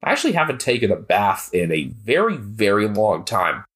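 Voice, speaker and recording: A man's voice: fairly low pitch, sing-song, a little fast, fairly bright tone. An American man co-hosting a podcast, chatting casually and analytically about football. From United States. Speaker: podcast co-host. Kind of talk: casual sports chat.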